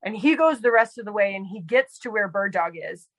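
Speaking briskly and with plenty of animation, a woman with a medium-pitched voice recounts something personal as a podcast guest. She's a medical provider, and her casual, chatty talk leans heavily on "like" and fillers. The recording has no echo but is low-quality.

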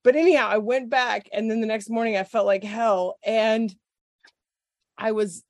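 A woman, a podcast guest, telling a story in casual chat. She is animated, swears freely and laughs often. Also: on the high side, moderate pace, dry recording.

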